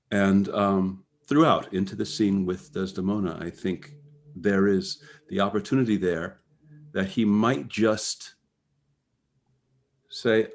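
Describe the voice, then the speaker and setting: A man talking through a scene in a seminar discussion over a video call, halting and searching for words. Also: low voice, fairly even intonation. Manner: halting, searching, many restarts. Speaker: actor in a play-reading seminar. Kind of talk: thoughtful discussion.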